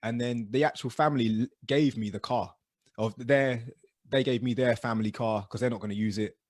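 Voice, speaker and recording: A man telling stories as co-host of a casual podcast chat, animated and dropping low and quiet for asides. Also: brisk, no room sound, studio quality.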